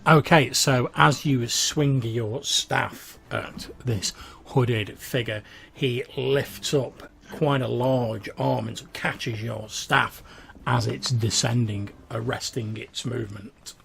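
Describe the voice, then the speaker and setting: A man narrating a tabletop role-playing session as game master, describing the action in a measured way. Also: mid-range voice, steady tone, creaky, a bit bright, slight background noise.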